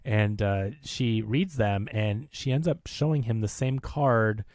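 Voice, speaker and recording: A man co-hosting a podcast, retelling a film's scenes in casual conversation and slipping into quick voices for the characters. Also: fairly low pitch, darkish tone, dry recording, clean studio sound. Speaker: podcast co-host. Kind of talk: casual film discussion.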